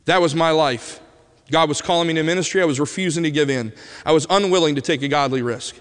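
Preacher telling a story in a ringing hall. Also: male voice, a little high, fast talker, smooth. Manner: animated storyteller, swings from loud to hushed. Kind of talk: sermon storytelling.

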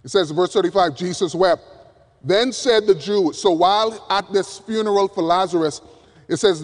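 A male preacher delivering an emphatic sermon from the pulpit, swinging from loud appeals down to hushed words. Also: very high voice. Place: church pulpit. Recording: long reverb of a large hall.

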